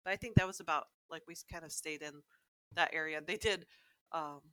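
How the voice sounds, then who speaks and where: Low-voiced woman, bright and sharp. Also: a little fast, a little hiss or hum. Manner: rambling recollection with fillers. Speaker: podcast guest. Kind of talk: casual chat.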